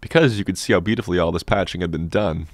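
Low-voiced guy reading an old novel aloud, steady and measured, dead dry sound. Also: no echo. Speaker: audiobook narrator. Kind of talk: scripted narration of a classic novel. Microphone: dynamic studio microphone.

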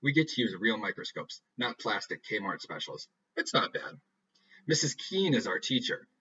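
A man narrates a novel in a dry, deadpan voice. The tone sits low but bright and husky, and the recording sounds dull and lo-fi. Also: normal speed, a little hiss or hum. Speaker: audiobook reader. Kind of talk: first-person novel narration.

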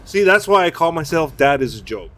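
A man's voice: fairly high pitch, big pitch swings, brisk, a bit bright, slight background noise. A father streams a tank battle game from his basement. He talks casually and self-mockingly to his chat and blurts out curses between friendly remarks. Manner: chatty, self-mocking, swears and blurts out during play. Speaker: gaming streamer. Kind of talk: casual live-stream commentary while playing. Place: home basement.

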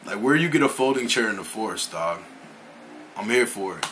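A man's voice: fairly low pitch, animated, a bit bright, slight background noise. Hyped slangy man reacting to music. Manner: slangy, hyped, interjects with quick affirmations. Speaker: music reaction channel host. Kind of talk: casual reaction commentary.

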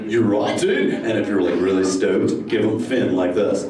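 A man plays a stoked surfer-dude sea turtle in a live interactive improv show, his fairly low voice close to everyday speech at normal speed, with a goofy drawl and constant "dude." The theater audio is distant and echoey, with a loud audience and heavy background noise.

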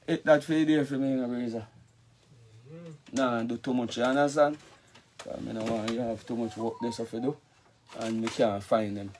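A Jamaican dancehall artist with a mid-range, darkish voice rants angrily in a vlog, speaking at normal speed with fairly even intonation and frequent pauses. He curses and keeps calling the listener brother over and over.

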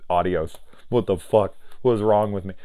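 A man's voice: lowish voice, expressive, normal speed. A middle-aged man reviewing films in a rambling, profane, sarcastic way. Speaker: film reviewer. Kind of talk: casual film review rant.

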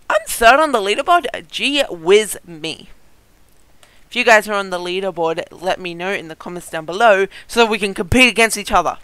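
Bright, lively let's-play gamer. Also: mid-range voice, clear, resonant tone, dry recording, poor audio. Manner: excitable, giggly, yelps at surprises; chatty, talks straight to viewers. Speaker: gaming video host. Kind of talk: excited let's-play commentary.

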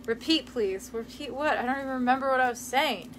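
A chatty young woman with a high, bright voice rambles to her viewers with frequent giggles. She talks casually from a room in her parents' house. There is a faint hum of room noise behind her. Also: fairly quick. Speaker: vlogger. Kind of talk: casual chat reading live comments.

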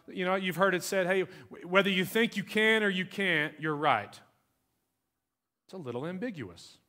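A man preaching a sermon as pastor, talking conversationally and swinging between soft asides and emphatic lines. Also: high voice.

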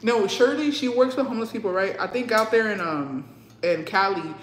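A young woman on a laid-back livestream tells stories with animation, swears freely and slips in bits of Spanish. She speaks at normal speed with a medium pitch, and the room echoes.

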